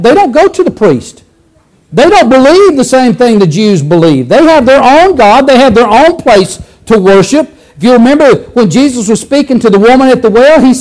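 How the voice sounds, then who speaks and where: Male preacher, conversational sermon, very high and lively voice, restarts often. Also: rough recording. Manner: animated, conversational, acts out scenes, frequent restarts.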